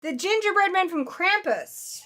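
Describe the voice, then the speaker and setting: A woman's voice: extremely high pitch, expressive, a little slow, sharp tone. A woman hosting a casual livestream, chatting with a co-host and reacting to viewers' comments by name.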